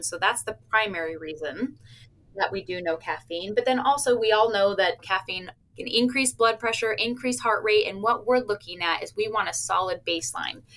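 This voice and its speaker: With a mid-range, fairly bright voice, a woman who works with cardiac stress tests responds to interview questions. She's upbeat and explains things plainly, laughing a little and playfully quoting patients.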